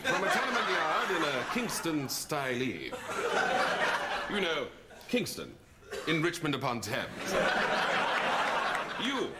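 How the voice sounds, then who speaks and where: A man's voice: a little high, very animated, slow pace, long pauses. An actor playing a posh man pretending to be a tough street yardie, in a comedy sketch clip. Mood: mock-menacing. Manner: plummy voice faking street slang. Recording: played clip, roomy and noisy.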